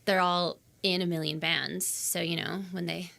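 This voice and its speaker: A woman's voice: on the low side, level tone, moderate pace, vocal fry, bright, forceful tone. A young adult woman from Canada, a singer-songwriter guest chatting casually on a podcast, laughing easily and poking fun at herself.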